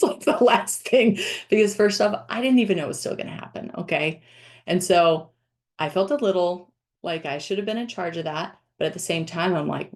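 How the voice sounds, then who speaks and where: A woman from Florida, a life coach, telling a personal story in a casual, animated way and breaking into excited laughs. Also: low-pitched.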